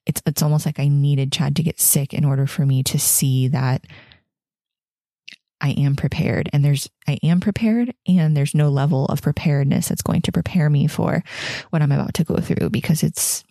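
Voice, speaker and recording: A pregnant woman in her thirties talks in a candid, chatty way on her own podcast, laughing often and circling back on her words. Her voice sits low and mellow. The sound is close and dry, with no room around it. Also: level tone, brisk, dry recording. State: heavily pregnant. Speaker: podcast host. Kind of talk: casual personal reflection.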